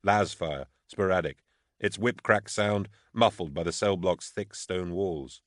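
A man reading an audiobook as narrator, in a measured, steady storytelling manner. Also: low-pitched, no echo, studio quality. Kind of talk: scripted narration.

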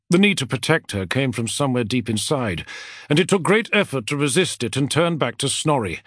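A man reading a fantasy novel aloud as an audiobook narrator, with a dramatic, expressive delivery. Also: medium pitch, no room sound, clean studio sound.

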